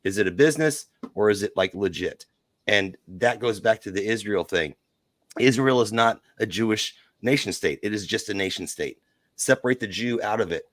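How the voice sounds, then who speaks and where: Deep-voiced opinionated man, dry sound. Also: moderate pace, fairly bright tone, no echo. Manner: emphatic, opinionated. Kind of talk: casual chat, opinionated.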